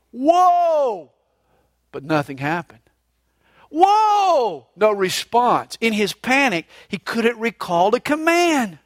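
A male pastor preaching a sermon with emphatic, animated delivery and a lighthearted story. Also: extremely high pitch, no echo, clean studio sound. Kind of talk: sermon with humorous anecdote.

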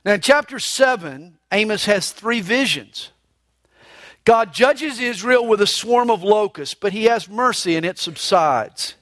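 Male pastor, sermon delivery: lively, emphatic, unhurried, dry close sound. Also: sits high, no room sound. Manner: animated, emphatic preaching. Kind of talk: sermon with humorous anecdote.

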